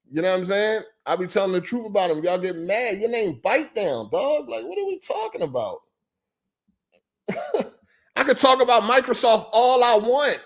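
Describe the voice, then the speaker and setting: A man hosting a live gaming podcast, ranting heatedly and profanely while answering chat. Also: high voice. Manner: profane, animated, talks back to chat. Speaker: podcast host. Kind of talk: heated live-stream rant.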